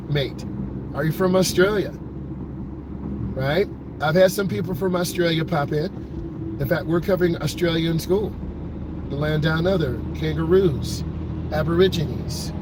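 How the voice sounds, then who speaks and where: A man, a driving instructor, coaches his live chat while driving through city traffic. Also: a little high. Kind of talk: live-streamed driving commentary. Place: inside a car in city traffic. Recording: clear car and traffic noise. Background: engine and road noise.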